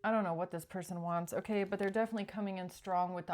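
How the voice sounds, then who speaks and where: A woman's voice: mid-range voice, fairly even intonation, racing, hardly any pauses, a little mellow. A woman doing a casual tarot reading, chatty and acting out pleading quotes along the way. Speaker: tarot reader.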